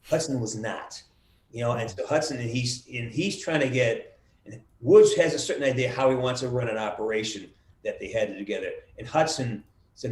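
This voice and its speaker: A middle-aged man being interviewed over a video call, telling lively stories and acting out the quotes, with some swearing. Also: mid-range voice, brisk, a little hiss or hum. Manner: animated storyteller, acts out quotes with swearing. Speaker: voice actor guest. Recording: roomy video call audio.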